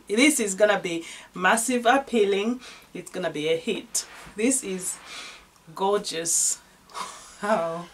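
A young woman casually unboxing and reviewing perfumes, gushing and excitable, laughing and sighing as she talks. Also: mid-range voice. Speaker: fragrance reviewer.

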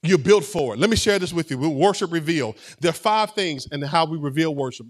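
Lively high-voiced preacher. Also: male voice, brisk, few pauses. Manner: conversational preaching with playful asides and call-and-response. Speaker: pastor. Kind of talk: sermon.

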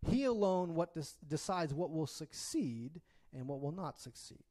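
A man's voice: fairly high pitch, lively intonation, a little slow, warm tone. A man preaching a sermon in a conversational way, often checking in with his listeners and delivering it expressively. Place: church.

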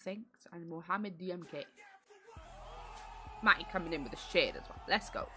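A woman streaming a game early in the morning, chatting to viewers in a croaky, sleepy voice and laughing loudly. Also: lowish voice, moderate pace, over music. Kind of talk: casual chat while gaming live.

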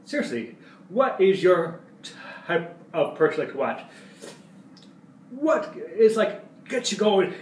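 A male vlogger talking casually to camera in a playful way, jumping between loud outbursts and quiet asides. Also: sits high, sing-song, slow, pauses often, far from the mic. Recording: echoey room, away from mic.

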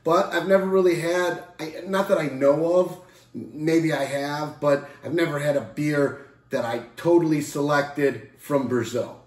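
A man's voice: fairly high pitch, fairly even intonation, a little slow, roomy sound. A man casually reviewing a beer on camera, rambling and self-correcting with playful jokes. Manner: playful sound effects and jokes.

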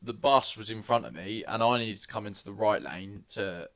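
A young man co-hosting a podcast, telling a driving story in lively, excitable casual chat. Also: lowish voice, moderate pace. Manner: animated, excitable, acts out voices. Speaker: podcast co-host.

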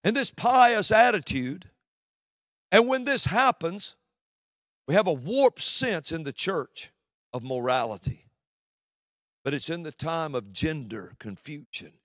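A man preaching a sermon from the pulpit, swinging between loud declarations and hushed, low passages. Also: expressive, takes it slowly, long pauses, no room sound, clean studio sound.

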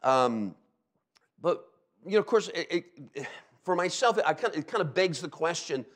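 Storytelling pastor with lots of "okay?" asides. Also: male voice, a little high, expressive, normal speed. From Delaware, USA. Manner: storytelling with sound effects and frequent "okay?" asides. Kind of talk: sermon.

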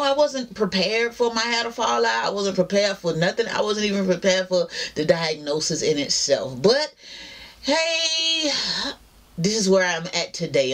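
Southern lady just chatting to her cam at home, loose and self-deprecating, talking to y'all. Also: medium pitch. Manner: chatty, self-deprecating, drawls asides to viewers. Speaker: vlogger. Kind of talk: casual chat to camera. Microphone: camera mounted up high.

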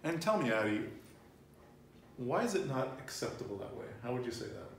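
A man's voice: mid-range voice, big pitch swings, fairly quick. A man teaching a casual Spanish lesson, patiently prompting his learner and repeating her answers. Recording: roomy, distant mic with faint noise.

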